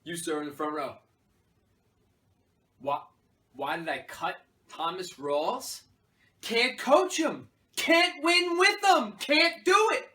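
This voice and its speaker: A man voicing a hot-tempered male football head coach at a mock press conference, snapping and shouting defensively at reporters. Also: a little high, slow, long pauses. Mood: sulking.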